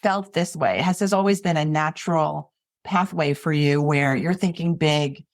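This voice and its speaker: Woman, podcast host, lower voice, warm, encouraging questions. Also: fairly even intonation, normal speed, dry recording, clean studio sound. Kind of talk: casual interview.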